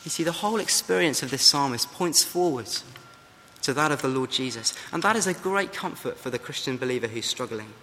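A man's voice: medium pitch, expressive, fairly quick, sharp tone. A man preaching a sermon, earnest and exhorting, often asking the congregation rhetorical questions. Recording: long hall reverb, faint background hum.

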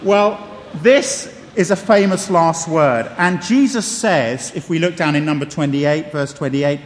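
A man's voice: a little high, a little slow. A man preaching a sermon, conversational and emphatic, with wry asides and repeated key phrases. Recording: long reverb of a large hall.

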